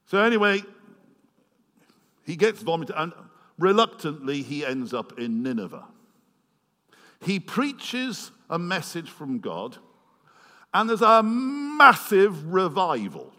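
Guy preaching slow in a big echoey hall, gets loud telling the story then drops quiet and earnest. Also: high voice. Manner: animated, swings between loud storytelling and quiet earnest asides. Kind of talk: sermon storytelling. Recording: long hall reverb.

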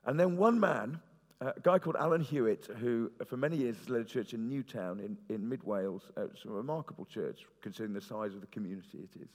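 A middle-aged man preaches a sermon in a church hall, and his long reverb trails off each phrase. His pitch sits in an ordinary middle range. He tells stories with animated rises and exclamations. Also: fast talker. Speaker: pastor.

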